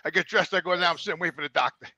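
A man in his sixties tells a rambling story, his voice high and bright. The sound is dry, with no room around it, and he acts out each exchange, his voice rising and cracking with laughter. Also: rapid-fire, no room sound. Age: 60s. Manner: animated, acts out dialogue, grows loud and laughing. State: sore back, a bit out of breath. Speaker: regular panelist. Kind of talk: casual storytelling on a podcast.

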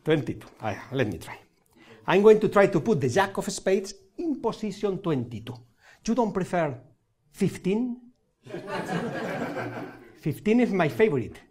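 A man from Spain with a high-sitting, darkish voice performs a playful live magic show in broken English with a Spanish accent. The audience laughs and banters along with him.

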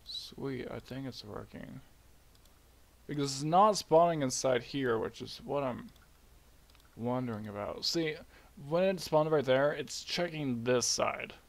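A young man casually narrating his own game project, rambling with bursts of high-pitched glee. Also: measured pace, creaky. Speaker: hobby game developer. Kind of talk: casual screen-recorded devlog.

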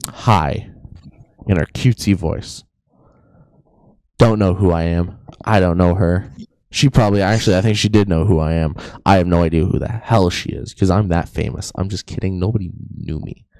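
Casting: young male podcast co-host, very low gravelly voice, dry close sound, rambling jokey storyteller. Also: normal speed, darkish tone, dry recording. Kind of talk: casual chat.

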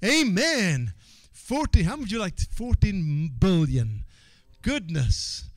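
A man preaching with a high, lifting voice, calling out for amens and repeating his key phrases. He drops to quiet asides, then climbs into shouted exhortation. The sound is dry and close. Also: big pitch swings, takes it slowly, no room sound. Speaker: pastor. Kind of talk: sermon.

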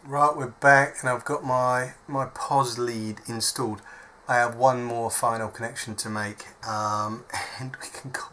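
Here the delivery is flat and measured, with hardly any pauses, and the medium-pitched voice sounds bright and forceful against a little hiss or hum. It's a hobby electronics modder at an indoor workbench, chatting through a soldering job step by step and joking at his own expense.

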